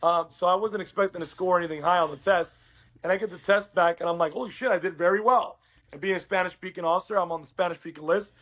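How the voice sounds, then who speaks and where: This high-voiced, middle-aged guest from Uruguay is a rapid, lively storyteller on a podcast, relaxed in a casual interview. He's animated throughout and performs the quoted dialogue himself.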